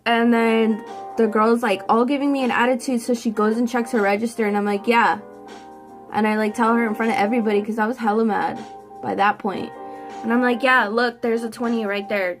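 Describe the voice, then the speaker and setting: Sassy young woman telling a storytime. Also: on the high side. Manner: sassy, animated storytelling with lots of "like". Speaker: beauty vlogger. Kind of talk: get-ready-with-me storytime.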